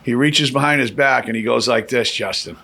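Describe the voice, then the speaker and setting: A man's voice: mid-range voice, brisk, gravelly, bright, forceful tone, breathy edge. A man hosting a podcast, telling stories and acting out quotes from others. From Boston area. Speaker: podcast host. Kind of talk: casual storytelling chat.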